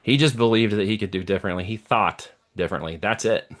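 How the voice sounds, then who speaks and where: Preachy man with a low voice. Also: fast talker, a bit bright. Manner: preachy, checks in with listener often. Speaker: guest, entrepreneur. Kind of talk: motivational talk in an interview.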